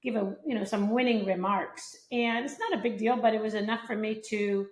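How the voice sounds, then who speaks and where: A woman's voice: mid-range voice, fairly even intonation, brisk, a little mellow. A woman from Sweden, answering interview questions modestly and with hesitant fillers. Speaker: guest, professional golfer. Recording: echoey room.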